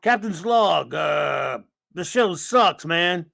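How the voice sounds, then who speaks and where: A man's voice: fairly high pitch, animated, slow, gravelly, pushed and bright, heavily acted. Man playing a bored starship captain. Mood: bored, dismissive.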